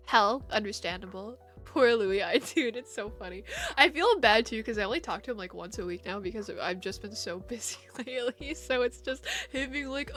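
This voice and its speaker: A young woman streaming and chatting casually with viewers, animated and rambling, laughing often. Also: fairly high pitch, moderate pace, faint music behind.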